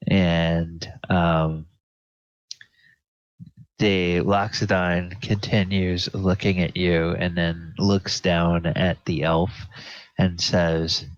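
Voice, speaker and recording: A man narrating as game master, slow and searching with many fillers. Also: low-pitched, little pitch movement, no room sound. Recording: dull lo-fi audio.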